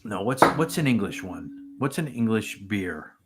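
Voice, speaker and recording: A man's voice: on the low side, sing-song, measured pace, very noisy. A man co-hosting a casual livestream, chatting easily and reading out viewer comments in a rambling way. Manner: easygoing, rambling. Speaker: livestream co-host.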